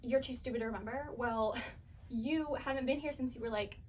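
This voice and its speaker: A woman's voice: a little high, moderate pace, darkish tone, distant mic, a little hiss or hum, natural voice. A woman voicing a rude, condescending male servant, in her own casual voice.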